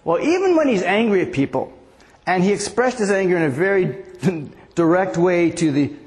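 A man's voice: high voice, animated, normal speed, a little mellow, long reverb tail. A man preaching a sermon in a rambling, conversational way, often asking the audience questions.

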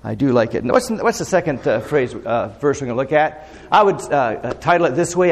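A man's voice: mid-range voice, animated, fairly quick, few pauses. A man preaching a sermon in a church, talking conversationally with plenty of fillers and questions to the congregation. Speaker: pastor. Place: church sanctuary. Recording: long echo of a large hall.

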